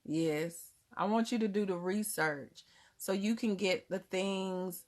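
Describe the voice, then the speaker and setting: A slow-speaking woman with a mid-range voice casually chats with viewers on her livestream, reading their comments aloud and laughing often. She comes from Germany yet speaks with a Southern US accent, using casual grammar and leaving out words.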